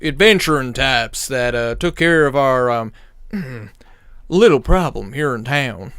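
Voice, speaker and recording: A man voicing a huge goliath mayor in a suit, who speaks in a booming, slow, self-assured way. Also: expressive, fairly bright tone, smooth, no echo, clean studio sound.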